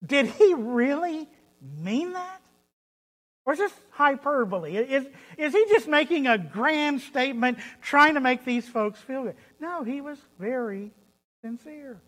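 Slow, emphatic preacher in an echoing hall. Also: high voice, big pitch swings, fairly bright tone. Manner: emphatic, repeats phrases for stress, asks rhetorical questions. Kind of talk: sermon. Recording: long hall reverb.

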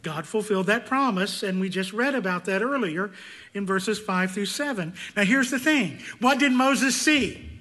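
High-voiced male preacher. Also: expressive, moderate pace. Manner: preaches with swings from loud emphasis to quiet intensity. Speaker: pastor. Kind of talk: sermon.

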